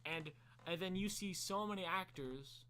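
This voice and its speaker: Bright-voiced rambling young man. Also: high voice, normal speed, a little hiss or hum. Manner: rambling storyteller, heavy on "like" fillers. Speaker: podcast co-host. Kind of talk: casual chat.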